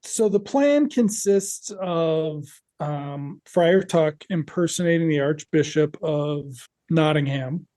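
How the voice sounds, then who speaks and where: A man's voice: on the high side, slow, few pauses, warm tone. A man co-hosting a podcast, wryly recapping a show in casual chat. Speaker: podcast co-host.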